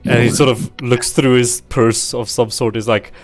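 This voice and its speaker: A man narrating as game master of a live tabletop game, relaxed and often laughing. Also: mid-range voice, normal speed, faint music behind.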